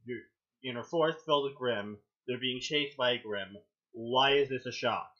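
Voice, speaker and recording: A man hosting a fanfiction reading show, reading aloud with mocking commentary and acting out quoted lines in loud, high outbursts. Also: moderate pace, lo-fi sound.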